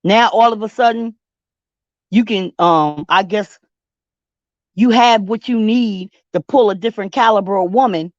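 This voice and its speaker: A woman hosting a casual live-stream chat, sassy and drawn-out, talking back to her chat. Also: mid-range voice, no echo, dull audio. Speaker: host.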